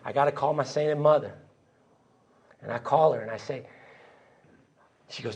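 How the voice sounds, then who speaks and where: A man's voice: medium pitch, moderate pace, gravelly, pauses often. A man telling his recovery story to a crowd in a church hall, acting out the voices of the people he quotes. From Texas. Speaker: AA speaker sharing his story. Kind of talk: storytelling talk at a conference.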